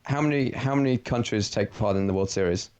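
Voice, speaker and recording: A man's voice: fairly low pitch, a little fast, a little mellow, clean tone. Easygoing english guy chatting as a guest, laughs loads, swears offhand. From England. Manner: laid-back, laughs often, swears casually. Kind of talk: casual chat.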